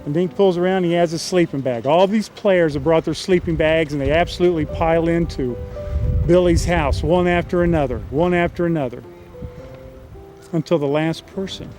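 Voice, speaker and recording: A man's voice: on the high side, brisk, a little mellow, soft background music, poor audio. A man earnestly telling a screenplay's story in a folksy way, briefly voicing its characters in his own voice. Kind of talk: storytelling synopsis.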